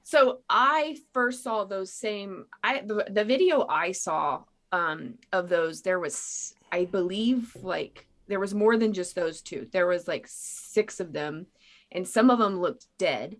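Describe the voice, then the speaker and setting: A woman's voice: on the low side, animated, takes it slowly. A woman in her thirties hosting a casual chat, telling stories with many fillers. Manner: chatty, filler-heavy storytelling. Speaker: podcast host.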